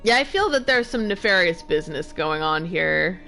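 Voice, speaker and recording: A woman's voice: lowish voice, lively intonation, moderate pace, gravelly, bright, forceful tone, faint music behind. Chatty tired woman streaming a game. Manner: chatty, laughs often, trails off and restarts, reads item text aloud. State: tired, yawning. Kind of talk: casual live-stream commentary.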